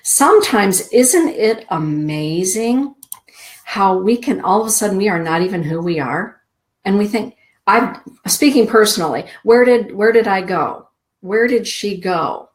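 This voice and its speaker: A middle-aged woman hosting a spiritual show, giving card readings to listeners in a soft, slow, drawn-out inspirational way. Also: mid-range voice, expressive. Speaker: show host and card reader.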